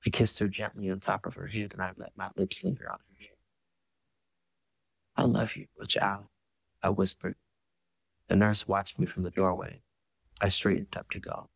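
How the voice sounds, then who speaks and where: A man narrates a first-person audiobook in a low voice, slow and measured, with quiet emotion held under the words. The recording is close and completely dry. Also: flat delivery, creaky, slightly rough, no room sound.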